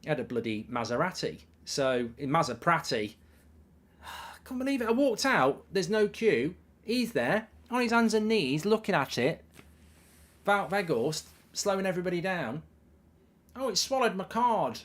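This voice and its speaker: A man hosting a live football watchalong, chatting casually, telling stories and reading out viewer messages with swearing and lively asides. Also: high voice, normal speed. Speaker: live stream host reading super chats.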